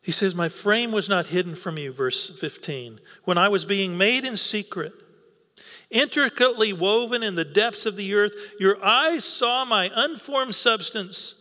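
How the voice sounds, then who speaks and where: A man's voice: high-pitched, measured pace, bright, forceful tone. Earnest man preaching in a reverberant hall. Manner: earnest, repeats words for emphasis, coaxing. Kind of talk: sermon.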